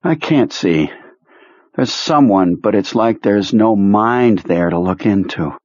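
Casting: a man playing a worn-out sick soldier, husky and drained, audiobook. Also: lowish voice, animated, takes it slowly, darkish tone, no echo, muffled recording. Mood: weary. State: exhausted. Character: exhausted sick young male soldier.

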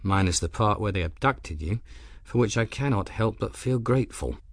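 A man reading an audiobook, voicing a calm, protective gentleman who speaks in a refined, wordy way. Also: on the low side, normal speed, no echo.

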